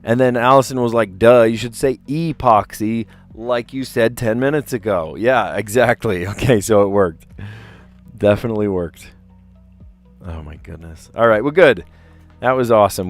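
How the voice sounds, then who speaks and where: Soft music plays as a man with a fairly low, expressive voice talks at normal speed on his puzzle live stream. A light South Jersey accent colors his casual, rambling chat, which he keeps cutting off mid-sentence.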